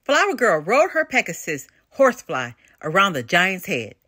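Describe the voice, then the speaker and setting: An older woman narrating a children's picture book in an expressive, animated read-aloud style. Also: fairly low pitch, moderate pace, dry recording, studio quality. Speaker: storybook reader.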